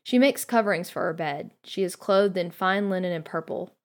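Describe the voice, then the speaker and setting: A young woman guest-hosting a podcast, talking in a thoughtful, soft-spoken way with a few fillers. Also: fairly low pitch, moderate pace. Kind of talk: casual reflective commentary.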